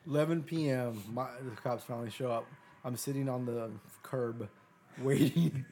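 A man telling a story on a podcast, swearing freely and throwing himself into the quoted lines of other people. His voice sits at an ordinary middle pitch, and he stumbles and restarts as he builds up to the next bit. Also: moderate pace, a little hiss or hum. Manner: profane, animated retelling with quoted dialogue. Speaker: podcast guest. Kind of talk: casual storytelling.

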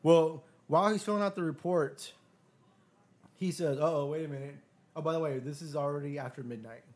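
A man's voice: a little high, fairly quick. A man casually telling a long story as a podcast guest, swearing often and acting out the other people's lines. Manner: profane, animated retelling with quoted dialogue.

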